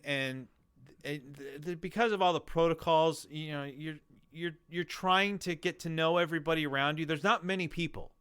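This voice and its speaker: Lively man telling a story. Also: a little high, clear, resonant tone. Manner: animated storyteller, acts out voices in quotes. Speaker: guest telling his weight-loss story. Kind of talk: casual storytelling interview.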